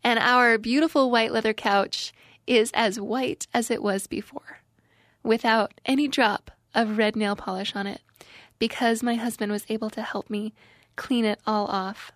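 A woman's voice: on the high side, fairly even intonation, measured pace, fairly bright tone, no room sound, clean studio sound. A young woman giving an inspirational devotional talk to youth, telling her story in an earnest, emphatic way.

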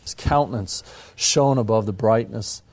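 A man with a low, mellow voice talks through scripture and history in a measured, reverent way. He pauses now and then on small fillers. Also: breathy edge. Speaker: religious history presenter. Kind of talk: explanatory commentary on scripture.

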